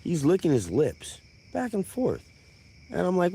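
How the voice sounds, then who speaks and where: Animated profane male storyteller. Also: sits high, a little slow, vocal fry, slightly rough. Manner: animated, profane, conversational asides. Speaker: storyteller on live stream. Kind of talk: profane comic tall tale.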